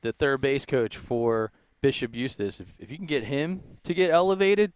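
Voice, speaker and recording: Smooth-voiced jokey broadcast host. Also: male voice, medium pitch. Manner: jokey, quick, salesy. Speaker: sideline host reading sponsor spots. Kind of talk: live broadcast banter and sponsor reads.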